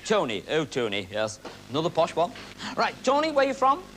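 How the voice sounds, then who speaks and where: A man's voice: on the high side, huge pitch swings, fairly quick, a bit bright, faint music behind, poor audio. A man hosting a televised magic comedy act, joking and teasing the audience volunteers on stage.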